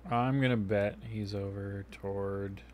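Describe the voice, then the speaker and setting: A man's voice: fairly low pitch, fairly even intonation, a little slow, darkish tone, a little hiss or hum, rough recording. A man streaming a game and chatting casually to viewers, muttering to himself with half-finished thoughts. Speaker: livestreamer. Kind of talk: casual gameplay chat to viewers.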